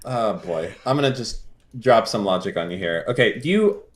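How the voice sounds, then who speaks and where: A man's voice: on the low side, expressive, normal speed. A man hosting a call-in stream, talking bluntly, teasing the caller and swearing often. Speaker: host. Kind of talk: casual call-in chat.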